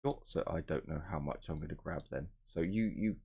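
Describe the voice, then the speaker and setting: A man running a tabletop game as game master, narrating in a relaxed, rambling way and swearing casually. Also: rumbling low, brisk, slightly rough.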